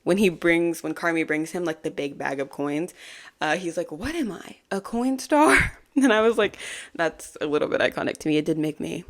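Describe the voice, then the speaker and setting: A woman with a low voice hosts a casual podcast recap, rambling through an episode with frequent little giggles. Her talk is loose and filled with ums and likes. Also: a little fast. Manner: chatty and giggly, full of fillers. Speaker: podcast host.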